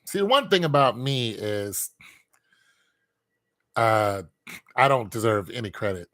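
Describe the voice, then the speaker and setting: A man's voice: fairly low pitch, animated, a little slow, a bit bright. A man speaking in a casual monologue, rambling and candid, joking about himself and laughing often.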